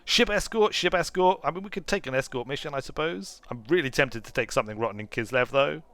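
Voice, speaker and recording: A man's voice: medium pitch, animated, fast, a bit bright, dry recording. A man giving casual, rambling gameplay commentary, playful and prone to trailing off. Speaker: game commentator.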